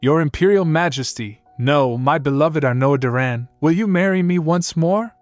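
A man's voice: fairly high pitch, normal speed, dry recording, soft background music, pitched above the performer's own voice, lightly acted. A man doing a whiny groveling young king. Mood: coaxing. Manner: pleading, whiny, pushy.

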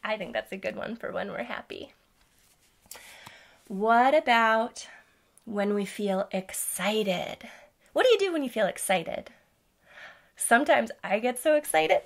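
A woman hosting a children's music lesson, speaking to toddlers in a gentle, playful way. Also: medium pitch, big pitch swings, unhurried. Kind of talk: teaching toddlers with songs.

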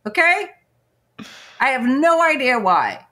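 Brief: middle-aged woman podcast host, high and bright, chatty storyteller full of "like" and "right?". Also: slow. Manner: animated, laughing, lots of "like" and "right?". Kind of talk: casual storytelling.

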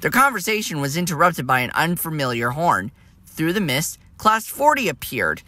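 A man narrating a storybook tale in a plain, steady reading voice with small slips. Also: fairly high pitch, normal speed.

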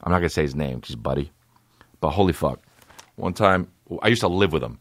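A man in his thirties hosting a comedy podcast, telling wild, foul-mouthed stories. His pitch leaps all over as he acts out other people's voices. The sound is dry and close to the mic. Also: fast talker, no echo. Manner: animated, swears constantly, acts out voices. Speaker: podcast host. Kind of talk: profane comedic storytelling.

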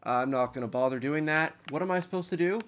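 A man's voice: on the high side, fast. A young man in his twenties giving rambling, frustrated, swearing commentary over a game. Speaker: gamer. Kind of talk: let's play commentary.

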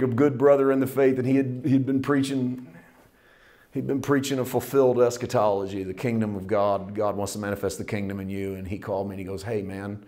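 A man preaching a sermon in a conversational, folksy way, building to loud, fervent passages. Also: medium pitch, steady tone, brisk. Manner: folksy, plain-spoken phrasing. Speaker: pastor.

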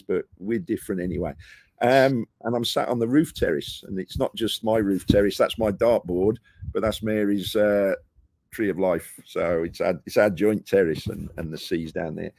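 On a rooftop terrace, a middle-aged man from the United Kingdom chats casually as an interview guest about his work in property investing. His low voice carries a gravelly, husky quality as he moves at a moderate pace through lively tales, voicing the people he quotes, captured in dry, close sound with no room tone.

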